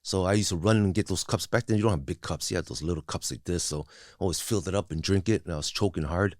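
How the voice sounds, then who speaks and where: A man's voice: sits low, fast, no room sound, clean studio sound. A man in his forties telling his life story bluntly and profanely, with many restarts and "you know what I mean" tags; English is not his first language. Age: 40s. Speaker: guest. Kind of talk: candid personal storytelling.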